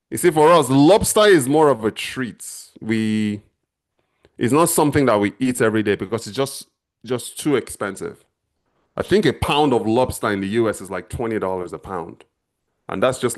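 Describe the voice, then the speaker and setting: Man, middle-aged, casual livestream chat, rambling, talks to viewers, mid pitch. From Nigeria. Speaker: channel host answering viewers.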